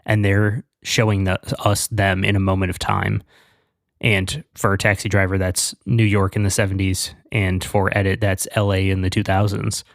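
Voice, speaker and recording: A man's voice: low-pitched, level tone, moderate pace, no echo, studio quality. A man co-hosting a pop culture podcast, chatting casually and enthusiastically with lots of fillers. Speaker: podcast co-host. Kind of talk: casual chat.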